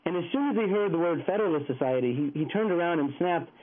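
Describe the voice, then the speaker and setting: A man calls into a talk radio program over a tinny, phone-quality line. His voice sits a little high, and he rambles through a street anecdote with lots of fillers and restarts. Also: animated, fast talker. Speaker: field organizer reporting in. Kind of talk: casual radio report.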